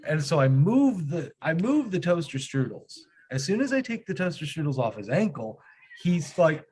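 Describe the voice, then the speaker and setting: A man in his thirties hosting a live stream, telling a profane, animated story in casual chat. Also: fairly high pitch, normal speed.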